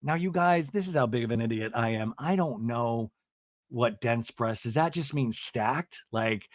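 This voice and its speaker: A man's voice: mid-range voice, normal speed, no room sound, clean studio sound. A man hosting a podcast, giving a rambling, self-mocking comedic recap of a TV episode. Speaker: podcast host.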